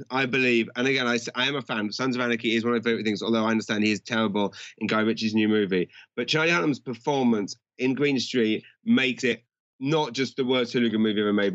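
A man's voice: medium pitch, fairly bright tone, dry recording, muffled recording. A man co-hosting a film podcast, chatting casually with a rambling, restart-heavy delivery. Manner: rambling, lots of restarts and fillers. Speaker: podcast co-host.

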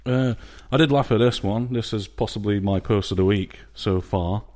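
A man's voice: fairly low pitch, moderate pace, darkish tone. A young man with a Sheffield accent co-hosting a casual podcast, matter-of-fact and dry as he tells stories. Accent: Sheffield English. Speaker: podcast co-host. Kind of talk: casual chat.

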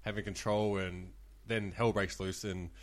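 A man's voice: low voice, flat delivery, measured pace. A young man with an Australian accent, a former casino dealer, telling stories in casual chat, laughing and swearing freely.

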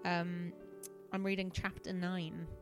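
A woman's voice: lowish voice, little pitch movement, slow, music in the background. A young woman, a comedian and scientist, casually reading a novel aloud on a podcast, giggling and breaking off to comment. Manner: giggly, self-interrupting.

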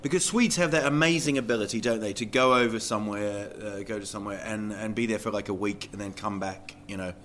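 A man's voice: lowish voice, fast, hardly any pauses, fairly bright tone, slight background noise. A man hosting a podcast, chatting casually and bantering with his guest, often slipping into voices as he tells stories. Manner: bantering, jokey, slips into quoted voices. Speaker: podcast host; comedian. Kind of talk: casual interview chat.

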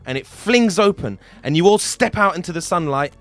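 A man's voice: high voice, animated, moderate pace, faint music behind. A man hosting and narrating an improvised tabletop game as game master, loose and full of ums and restarts. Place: podcast studio.

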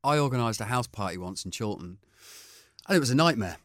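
A man's voice: medium pitch, animated, quick pace, fairly bright tone, no echo. A man presenting a radio show, playing up mock annoyance in casual banter. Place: radio studio. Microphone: studio microphone.

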